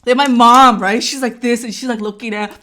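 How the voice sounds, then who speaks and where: Animated woman telling a story. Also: fairly high pitch, brisk. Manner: animated, acts out dialogue, keeps asking "right?". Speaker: vlogger. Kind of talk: casual storytelling.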